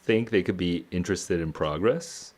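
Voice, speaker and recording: Deep-voiced man musing over a book. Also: normal speed, a little mellow. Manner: muses aloud, chuckles often. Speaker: streamer reading a novel aloud. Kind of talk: casual reading and reacting.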